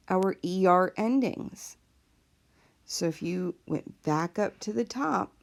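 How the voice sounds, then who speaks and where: A woman teacher explaining a lesson patiently, step by step, in a recorded classroom video. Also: mid-range voice. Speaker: Spanish teacher.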